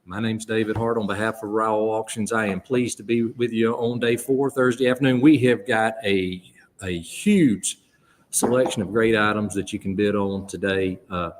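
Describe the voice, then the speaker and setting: A man's voice: lowish voice, fairly even intonation, normal speed, slight background noise. A man with a Southern US accent hosting a live radio charity auction as auctioneer, folksy and full of fillers. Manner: folksy, filler-heavy, breaks into auctioneer patter. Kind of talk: live radio broadcast chat.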